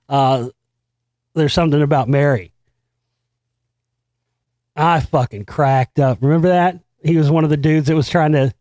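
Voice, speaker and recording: Male host, American, slightly high voice, swears a lot, loose rambling chat, dry close sound. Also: darkish tone, dry recording. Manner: rambling, profane, laughs at his own stories. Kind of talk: casual solo talk show monologue.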